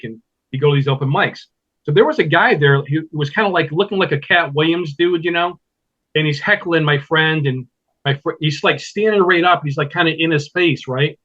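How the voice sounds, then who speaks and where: A man who does stand-up telling stories in a loose, animated way as a guest on a talk show. His voice sits a little high for a man. The recording is somewhat dull and muffled. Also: a little fast. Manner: animated storyteller, slips into impressions. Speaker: stand-up comedian, podcast guest. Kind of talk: casual interview chat.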